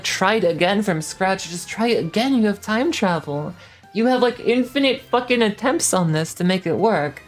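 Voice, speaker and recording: Low-voiced woman ranting through a plot recap. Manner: rambling, profane and exasperated. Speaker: streamer. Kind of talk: casual stream chat, recapping a plot.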